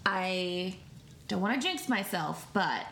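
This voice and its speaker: A woman's voice: mid-range voice, lively intonation, takes it slowly, gravelly, a bit bright, a little hiss or hum. A woman co-hosting a podcast, talking in a self-conscious way. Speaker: podcast co-host. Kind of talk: casual podcast chat.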